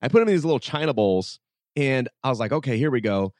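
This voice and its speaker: A man's voice: mid-range voice, fast talker, no echo. A man, a podcast guest, telling stories casually and animatedly, acting out the dialogue and saying "like" a lot. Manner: animated, acts out dialogue with many "like"s. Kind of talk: casual storytelling interview.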